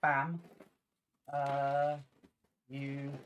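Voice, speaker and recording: A woman talks casually to her livestream audience from home late at night. She is loud and easily distracted, jumping between ideas with frequent giggles. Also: very deep voice, flat delivery, extremely slow, highs cut off, a little hiss or hum. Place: home, building on the floor.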